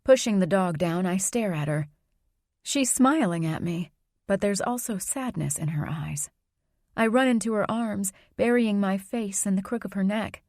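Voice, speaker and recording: A woman reading a first-person audiobook in an even, measured narration. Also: medium pitch, no echo, clean studio sound.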